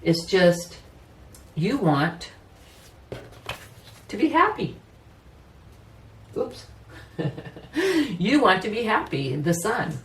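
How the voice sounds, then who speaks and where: A woman's voice: mid-range voice, big pitch swings, drawn-out words, pauses often. Woman doing a chatty tarot reading, keeps saying you know, roomy echo, faint hum behind. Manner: chatty, repeats "you know", laughs easily. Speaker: tarot reader. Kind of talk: casual tarot reading monologue. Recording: roomy echo, mic at a distance, faint ambience.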